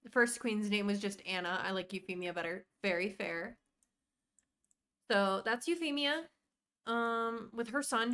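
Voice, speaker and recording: Chatty woman streaming a game. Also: medium pitch. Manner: chatty, rambling, warmly greets viewers by name. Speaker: live streamer. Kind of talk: casual live-stream chat while playing.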